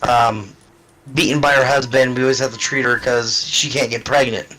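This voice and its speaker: A man's voice: mid-range voice, steady tone, normal speed, pushed and bright, poor audio. A man telling blunt, profane stories in a casual chat. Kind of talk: casual storytelling.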